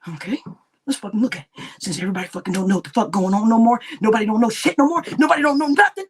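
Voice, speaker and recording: Woman streamer, delivering an angry, expletive-laden rant with shouted peaks. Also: a little high, rapid-fire, breathy edge. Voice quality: heavy cursing, shouting bursts. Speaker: livestream host.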